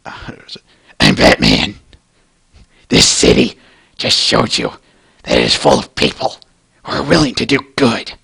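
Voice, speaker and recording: A gruff, brooding vigilante hero for a comic dub. The voice is heavily gravelly and raspy, low, and slow. It swings widely up and down. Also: male voice, huge pitch swings, bright, forceful tone, exaggerated voice. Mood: grim.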